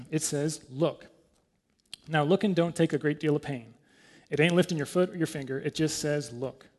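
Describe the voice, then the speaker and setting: A man's voice: on the high side, moderate pace, lightly acted. A man reading the part of a plain-spoken, earnest lay preacher who repeats himself bluntly, in a homely manner.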